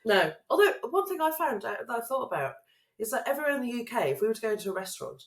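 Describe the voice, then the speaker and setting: A woman's voice: fairly high pitch, very animated, racing. Teasing woman, echoey room. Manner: teasing storyteller, sweary. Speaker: podcast co-host. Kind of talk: casual chat.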